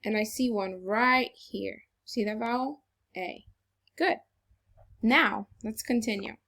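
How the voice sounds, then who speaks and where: Woman teacher, slightly high voice, unhurried and encouraging, phonics lesson for kids. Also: pushed and bright. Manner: slow, encouraging, exaggerated classroom delivery. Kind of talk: recorded phonics lesson for children.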